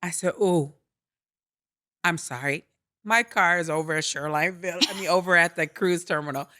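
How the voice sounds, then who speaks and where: A woman, telling a funny story in a lively, joking way in casual talk. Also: fairly low pitch, quick pace. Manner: lively, bright storyteller who laughs and jokes. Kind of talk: casual chat.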